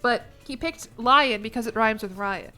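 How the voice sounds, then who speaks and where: A woman's voice: on the high side, normal speed, bright, forceful tone, soft background music. A young American woman chatting casually while streaming a game, joking, self-mocking, and laughing often. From United States. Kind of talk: casual live-stream gaming commentary.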